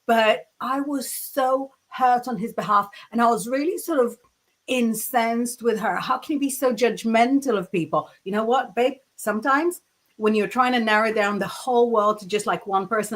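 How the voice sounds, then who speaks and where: A woman's voice: a little high, moderate pace. A woman from the UK co-hosting a live psychic stream, chatty and reading out viewer comments. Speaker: co-host psychic.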